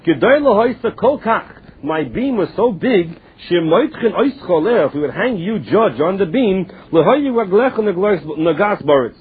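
A man's voice: high-pitched, very animated, normal speed, narrow, tinny audio. A man giving a Talmud lesson, reading the text in a sing-song study chant and translating it line by line. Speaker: Talmud teacher.

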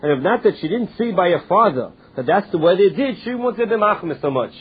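A man with a high, expressive voice and a fast delivery teaches a Talmud class, reading lines and explaining them in English with frequent restarts. The audio is tinny, like a phone line, with slight background noise.

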